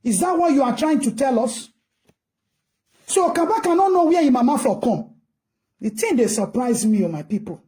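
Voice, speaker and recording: A woman's voice: high voice, animated, moderate pace, pauses often, mellow. A Nigerian woman giving ranting commentary, scolding and asking rhetorical questions in a mix of English and Pidgin.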